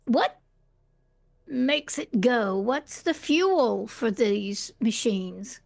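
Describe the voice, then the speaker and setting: A woman's voice: a little high, lively intonation, extremely slow, creaky. A woman playing a tabletop game, talking in a hesitant, polite way with many fillers. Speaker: player. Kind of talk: tabletop role-play.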